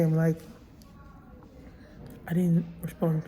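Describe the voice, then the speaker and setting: A woman's voice: fairly low pitch, little pitch movement, measured pace, warm tone, slight background noise, rough recording. A woman recovering from surgery, telling a hospital story with indignant emphasis in a casual vlog. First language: Italian. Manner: indignant, emphatic retelling with quoted dialogue. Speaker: vlogger. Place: hospital room.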